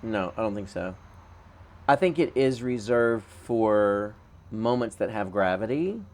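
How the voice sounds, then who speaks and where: Podcast co-host, male, low voice, unhurried and thoughtful delivery. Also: lively intonation, darkish tone. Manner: slow, deliberate, reflective. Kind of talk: casual conversation.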